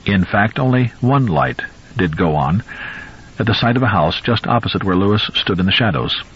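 A man narrating a novel in a measured, suspenseful storytelling voice. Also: fairly low pitch, lively intonation, fairly bright tone, breathy edge, muffled recording. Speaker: audiobook narrator.

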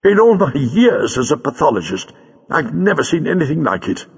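A man voicing an excitable, fussy elderly male professor who splutters when flustered, on a dull lo-fi recording. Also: medium pitch, slow pace, breathy edge, dry recording, voice pushed up, exaggerated voice. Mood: astonished.

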